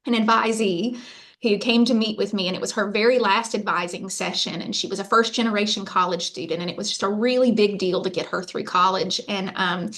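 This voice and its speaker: A woman's voice: medium pitch, brisk, fairly bright tone. Chatty woman presenting on a call. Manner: chatty storyteller, lots of fillers. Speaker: university faculty presenter. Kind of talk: conversational presentation on a video call. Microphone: video call.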